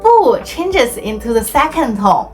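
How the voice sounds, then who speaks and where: Woman language teacher, animated sing-song delivery, deliberate and clear for learners. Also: high-pitched, soft background music. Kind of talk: scripted educational explainer.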